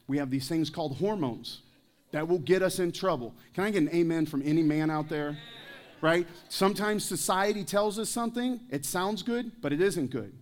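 Pastor, male, slightly raised pitch; preaches through anecdotes and jokes, asks the room questions. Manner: joking, anecdotal storytelling; addresses the congregation with questions. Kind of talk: sermon. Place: church service.

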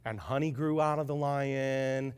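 A man putting on a low, lazy meathead strongman. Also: moderate pace. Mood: grudging. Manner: flat, lazy drawl. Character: boastful dim male strongman, proud, blunt.

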